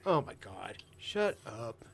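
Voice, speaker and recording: A man's voice: fairly low pitch, sing-song, slow, creaky, a bit bright. A man hosting a casual reaction commentary show, mocking and sarcastic with crude jokes. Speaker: commentary host.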